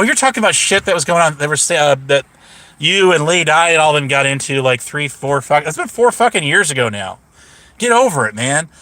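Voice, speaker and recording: A man's voice: a little high, pushed and bright. A man rambling on a livestream while driving home, profane and combative, with lots of fillers, restarts and taunts at viewers. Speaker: livestream host. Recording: noisy car cabin.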